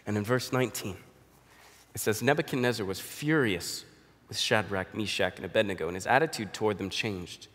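A man's voice: fairly low pitch, fairly quick, a bit bright. A man preaching a sermon, explaining scripture and now and then acting out the quoted voices. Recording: long hall reverb.

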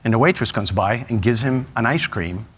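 A middle-aged man, a comedian telling a stand-up story and acting out the quotes with animated energy. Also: medium pitch, moderate pace, breathy edge. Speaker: comedian and motivational speaker.

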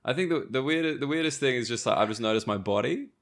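A man's voice: mid-range voice, expressive, fast talker, a bit bright, no room sound, clean studio sound. A young Australian man hosting a comedy podcast, chatting casually with jokey, rambling asides. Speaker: podcast host. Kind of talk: casual chat.

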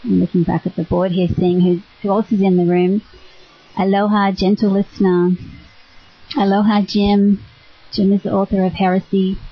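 A chatty Australian woman with a husky voice greets her online radio listeners in a friendly, easygoing way and laughs often. The sound is dull and lo-fi, like an internet radio stream. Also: on the low side. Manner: warm, chatty, laughs often, reads from a chat board. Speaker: spiritual teacher on internet radio. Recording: dull lo-fi web radio audio.

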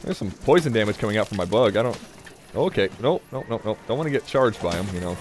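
A man's voice: on the low side, expressive, quick pace, slight background noise. Joking man narrating his gameplay. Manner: jokey, rambling, talks to the game, laughs often. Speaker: let's play gamer. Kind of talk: gameplay commentary.

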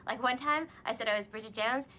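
Kelly Kapoor, a bright gossipy office girl. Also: on the high side, fast talker, a little hiss or hum. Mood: bossy. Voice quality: chirpy, breathless chatter. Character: bubbly, gossipy, self-absorbed young office woman. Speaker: office customer service rep. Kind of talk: sitcom acting.

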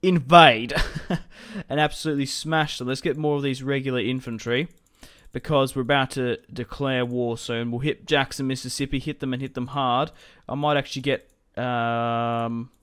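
Smooth-voiced young man narrating a strategy game. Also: mid-range voice, fairly even intonation, moderate pace, fairly bright tone. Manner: chatty, rambling, laughs often. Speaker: gaming commentator. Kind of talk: casual strategy game commentary.

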